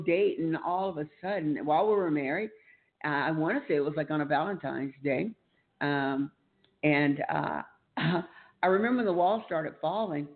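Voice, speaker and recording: A woman hosting a Christian talk show, telling a personal story earnestly and emotionally. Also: on the low side. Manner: earnest, emotional storytelling, animated when reliving events. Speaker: host. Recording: tinny phone-like sound.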